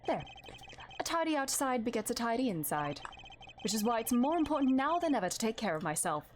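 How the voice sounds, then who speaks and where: A woman's voice: fairly high pitch, sing-song, a little fast, noisy background. A woman reading a formal, proud male prosecutor.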